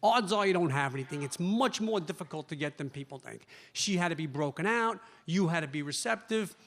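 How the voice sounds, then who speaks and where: A comedian voicing his doctor friend, calm and matter-of-fact. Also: fairly high pitch, a little fast. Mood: reassuring. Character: calm male family doctor, reassuring.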